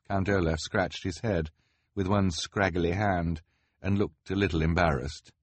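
Slow, deep-voiced male narrator, dry and husky. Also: steady tone, dry recording. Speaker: audiobook narrator. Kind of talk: scripted narration.

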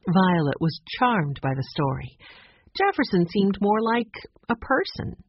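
A woman's voice: mid-range voice, unhurried, slight background noise. A woman narrating a children's audiobook expressively, voicing each character differently. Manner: expressive, varies voices for characters. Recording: dry, slightly dull recording.

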